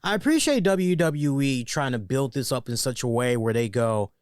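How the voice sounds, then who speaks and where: A man's voice: mid-range voice, moderate pace, clean tone, dry recording, studio quality. A man hosting a wrestling review show, talking casually and animatedly, joking and tagging his points with "right?". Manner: animated and joking, often tags lines with "right?".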